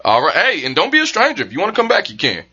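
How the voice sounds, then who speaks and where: A man's voice: high-pitched, wildly swooping pitch, rapid-fire, sharp tone, slightly rough, dull audio. A man hosting a podcast, wrapping up a casual interview with a guest, enthusiastic and thankful. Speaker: podcast host.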